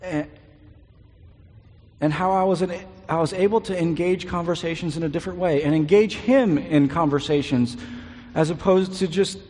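A man preaching a sermon, animated and conversational, often repeating words as he paraphrases scripture. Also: a little high, moderate pace. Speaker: pastor. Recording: long reverb of a large hall.

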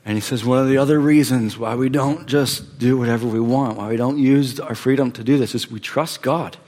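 Emphatic pastor in a reverberant hall. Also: male voice, mid-range voice, steady tone, fairly quick. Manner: emphatic, repeats phrases, swings from loud to hushed. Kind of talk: sermon.

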